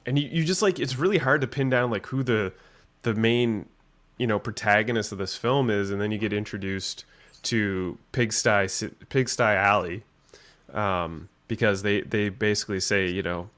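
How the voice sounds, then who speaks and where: On a laid-back film review podcast, a male co-host with a lowish, slightly bright voice speaks at normal speed. He meanders through retellings of scenes, full of fillers, and voices the characters' lines.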